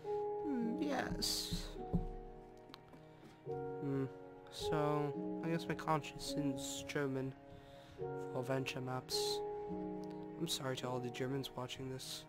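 A man's voice: mid-range voice, completely flat delivery, takes it slowly. A man rambling casually through gameplay commentary, full of hums and asides. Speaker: let's play host. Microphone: desktop microphone. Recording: music playing loudly in the room.

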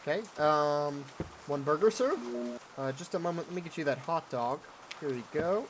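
A man's voice: a little high, normal speed, a little hiss or hum. A young man casually commenting while he plays a game, joking and talking back to the customers on screen. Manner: jokey, reactive, talks to customers while playing. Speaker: gameplay commentator. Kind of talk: let's play commentary.

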